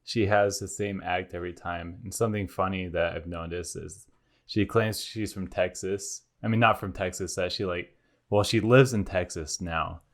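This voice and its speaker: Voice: deep voice, fairly even intonation, moderate pace. A podcast co-host making dry, laid-back comments in casual chat.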